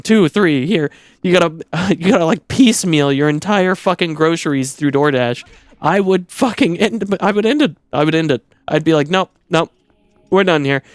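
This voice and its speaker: Animated, incredulous male streamer. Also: on the high side, dry recording. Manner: animated, incredulous, swears a lot. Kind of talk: casual ranting story.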